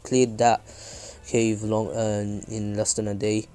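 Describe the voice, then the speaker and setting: A man's voice: fairly low pitch, level tone, takes it slowly, warm tone, smooth, voice pushed down. A man doing a cocky young ninja hero. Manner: casual, offhand bravado.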